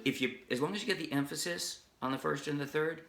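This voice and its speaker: A man's voice: fairly high pitch, quick pace, creaky, loud music behind the voice. Chatty man teaching ukulele chords. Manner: chatty, self-interrupting, sings snatches while strumming. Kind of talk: casual music tutorial. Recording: ukulele strumming under the voice. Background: ukulele playing.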